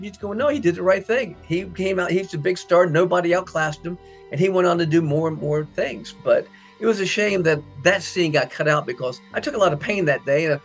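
A middle-aged man, an actor, telling lively behind-the-scenes stories and acting out quotes. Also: husky. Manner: acts out quoted dialogue with big pitch jumps. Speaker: actor interviewed about a past film. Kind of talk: animated anecdotal storytelling.

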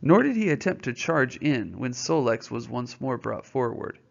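A man's voice: medium pitch, very animated, normal speed, vocal fry. A male teacher reading a novel aloud and explaining it to students in a patient, informal way, often checking their understanding with questions. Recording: dull lo-fi recording.

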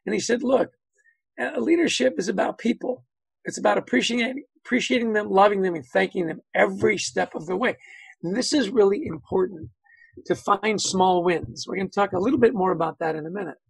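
A man's voice: sits high, fairly quick, gravelly, breathy edge, no echo, rough recording. A man speaking as a guest on a video-call webinar, telling anecdotes, acting out quotes and saying "you know" often. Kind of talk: conversational webinar talk.

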